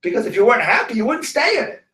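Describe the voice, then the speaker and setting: A man's voice: extremely high pitch, rapid-fire, echoey room, distant mic. A man from the San Francisco Bay Area, a guest teacher telling stories in a casual interview and acting out the people he quotes. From San Francisco Bay Area, USA. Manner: lively storyteller who acts out quoted voices. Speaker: guest teacher of students and clients.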